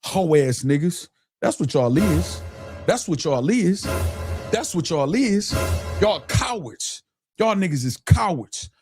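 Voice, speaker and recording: A man's voice: high voice, sing-song, slow pace, a little mellow, soft background music. A man ranting profanely on a livestream, mocking his listeners and repeating phrases over and over. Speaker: streamer with his own platform. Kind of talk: angry livestream rant.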